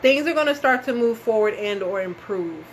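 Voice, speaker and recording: A woman's voice: fairly high pitch, lively intonation, moderate pace, slight background noise, low-quality recording. A woman doing a casual live-stream tarot reading, talking straight to her viewers, calling them y'all and swearing now and then. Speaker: tarot reader.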